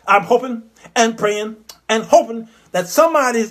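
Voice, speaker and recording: Animated high-voiced male comic host. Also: normal speed. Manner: animated storytelling, jumps into shrill put-on voices. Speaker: comedic talk show host. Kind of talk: satirical comedic monologue.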